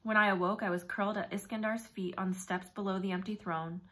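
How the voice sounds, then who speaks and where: A woman reading a novel aloud in first person, with brisk, vivid storytelling. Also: mid-range voice, steady tone, a bit bright. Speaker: audiobook narrator.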